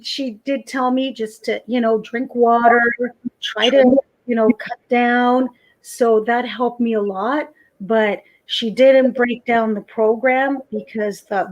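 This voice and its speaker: A woman guest telling a personal story in a casual chat, animated and acting out what people said. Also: a little high, low-quality recording. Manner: animated storyteller, acts out quotes.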